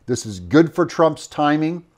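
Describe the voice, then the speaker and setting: A man's voice: fairly high pitch, very animated, a little slow. Rambling male political commentator. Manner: rambling, with fillers and self-corrections. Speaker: political commentator in a played clip.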